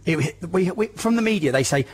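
A man's voice: high-pitched, expressive, a little fast, slight background noise. A man, a guest arguing urgently in a political radio debate and often restarting his sentences.

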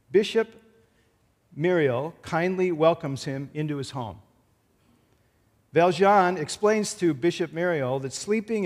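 A man preaching a sermon as pastor in a church, earnestly retelling a film scene. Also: fairly high pitch. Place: church sanctuary. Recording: church hall reverb.

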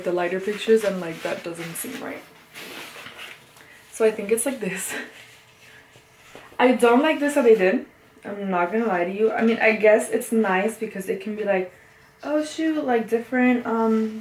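A young woman with a cold, sniffling, chatting casually and gushing with sudden squeals while unboxing an album. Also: medium pitch. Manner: excitable, gushing, often confused, with sudden squeals and gasps. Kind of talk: casual unboxing chat to camera. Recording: echoey room, faint background noise.

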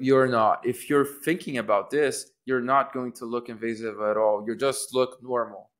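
A man's casual public speaking lesson comes in a mid-range voice with a steady tone, at a moderate pace with hardly any pauses. He thinks aloud, restarts his sentences, and acts out rising and falling intonation on example phrases.

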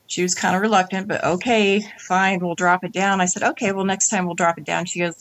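A woman's voice: lowish voice, fairly even intonation, a little fast, fairly bright tone, dry recording. A middle-aged woman, an interview guest, telling her story candidly and animatedly, acting out quoted dialogue.

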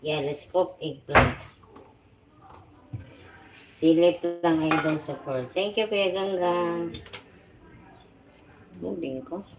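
A woman's voice: fairly low pitch, slow pace, pauses often, heavy background noise. A woman hosting a casual live stream while she cooks. She chats playfully, greets and thanks viewers by name, and chuckles often. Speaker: livestream host.

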